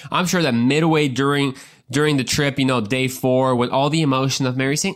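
A man's voice: mid-range voice, fairly even intonation, a little fast. A man giving a casual Bible talk, joking and conversational, often repeating words as he goes. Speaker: podcast preacher.

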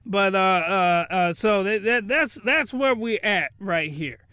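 High, bright-voiced excitable man ranting. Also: slow pace, clear, resonant tone, no room sound. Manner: rambling, excitable, bursts into loud rants. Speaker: host. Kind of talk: comedic anime review.

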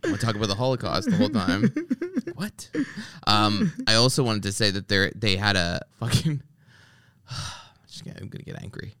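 A man's voice: lowish voice, big pitch swings, moderate pace, bright, forceful tone, dry recording, clean studio sound. A man hosting a podcast, chatting casually and telling stories, acting out the people he quotes and swearing freely. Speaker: podcast host. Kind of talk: casual chat.

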